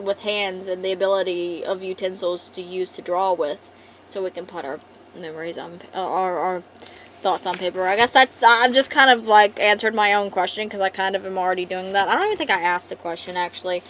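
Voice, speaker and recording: Young woman, casual livestream chat, rambling, mid-pitched voice, faint background hum. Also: fairly bright tone, rough recording. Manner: rambling, thinks aloud, fast talker. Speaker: art streamer. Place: home.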